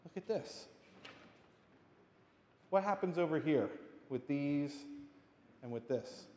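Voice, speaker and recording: A man's voice: fairly high pitch, lively intonation, takes it slowly, dark tone. A man, a pastor, giving a playful children's message in a church sanctuary, speaking simply and encouragingly. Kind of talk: children's message during worship. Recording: echoey hall with long reverb.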